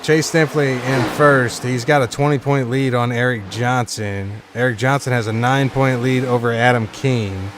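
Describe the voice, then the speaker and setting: A man's voice: medium pitch, fairly even intonation, moderate pace, few pauses, noisy background. A man commentating a live sim racing stream in a casual, chatty way, reading viewer chat aloud between points updates.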